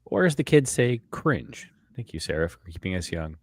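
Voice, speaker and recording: Man doing a deep gravelly announcer, husky, swooping, reading listener comments. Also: very animated, moderate pace, no room sound, full character voice. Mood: deadpan.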